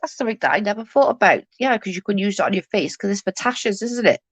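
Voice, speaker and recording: A woman's voice: medium pitch, lively intonation, quick pace, no room sound. A woman hosting a live stream, chatting casually with viewers; she is tired, stutters a little and keeps restarting her sentences. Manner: mild stutter.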